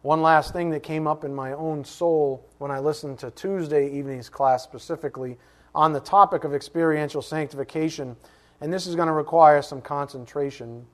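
A middle-aged male pastor with a slightly high voice delivers a sermon. He keeps it lively with rhetorical questions, then falls suddenly to a hush. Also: moderate pace.

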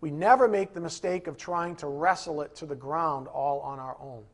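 A male pastor preaching with force, repeating his key lines for emphasis. He breaks in with jokes to loosen up his listeners. His voice sits a little high and sounds husky. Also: normal speed. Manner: emphatic, with joking asides to the congregation. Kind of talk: sermon.

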